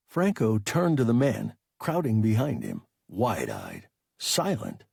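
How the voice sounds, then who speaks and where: A man giving scripted, expressive narration of a science fiction audiobook. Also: fairly low pitch, gravelly, breathy edge, no room sound, clean studio sound. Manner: slow, expressive storytelling.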